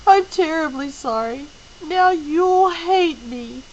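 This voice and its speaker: A woman's voice: high voice, slow pace, gravelly, fairly bright tone, lo-fi sound, voice pushed up, exaggerated voice. A woman reading aloud, voicing an insecure teenage girl who talks in a trembling, sobbing voice. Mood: tearful.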